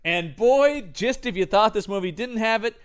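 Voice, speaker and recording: A man co-hosting a casual movie podcast, animated and jokey, often slipping into mock voices for characters. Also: high-pitched, normal speed, clear, resonant tone. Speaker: podcast co-host. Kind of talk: casual movie-riff chat.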